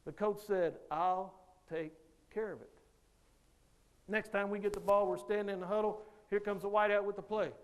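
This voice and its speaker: High-voiced animated male storyteller. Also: fast talker, hardly any pauses. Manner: animated storyteller who acts out others' lines. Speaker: motivational speaker. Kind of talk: storytelling speech.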